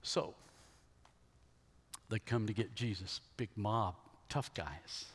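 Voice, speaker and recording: A male pastor preaching a sermon, retelling a story emphatically and checking in with the congregation with quick rhetorical questions, in a large hall. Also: lowish voice, breathy edge. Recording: long hall reverb.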